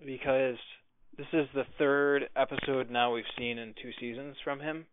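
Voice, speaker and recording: A man's voice: medium pitch, steady tone, moderate pace, clear, resonant tone. A man co-hosting a casual podcast chat, joking and teasing the others. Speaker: podcast co-host. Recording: dry tinny phone-like line.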